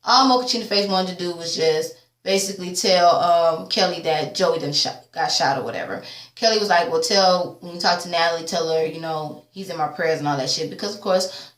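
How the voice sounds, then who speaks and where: A tired woman giving a sassy, casual TV episode recap, swearing freely and jumping up in pitch when she quotes the characters. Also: fairly quick, a bit bright. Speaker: TV recap vlogger. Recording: echoey room.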